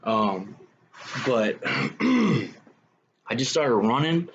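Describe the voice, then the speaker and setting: A man's voice: medium pitch, big pitch swings, very slow, fairly bright tone, dull audio, a little hiss or hum. A young man telling his own life story in a casual, rambling way, full of "man" and "you know".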